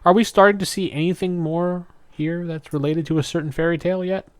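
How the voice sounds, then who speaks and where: Animated man recapping a cartoon. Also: fairly high pitch, fairly quick, clear, resonant tone, no echo. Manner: animated retelling, briefly mimicking characters' lines. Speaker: podcast co-host. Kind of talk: casual recap chat.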